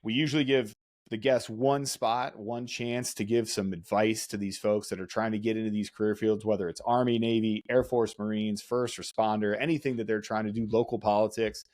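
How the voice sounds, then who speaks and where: A man's voice: fairly low pitch, darkish tone, no echo. A man hosting a podcast in casual chat, joking and self-deprecating. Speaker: podcast host.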